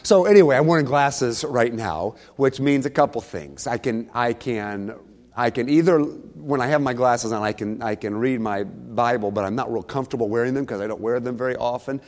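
A preacher with a cold and a slight cough, opening his sermon in a relaxed, joking, self-deprecating way. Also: mid-range voice, moderate pace. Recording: long hall reverb.

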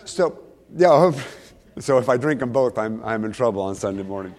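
A preacher with a cold and a slight cough, opening his sermon in a relaxed, joking, self-deprecating way. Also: lowish voice, normal speed. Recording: long hall reverb.

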